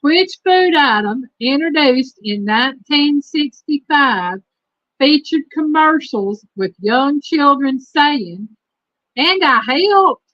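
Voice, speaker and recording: Female host, higher voice, slow trivia reads, dry lo-fi audio. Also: expressive, no room sound. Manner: reads quiz questions slowly and repeats them. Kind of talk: casual livestream trivia chat. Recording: dull lo-fi stream audio.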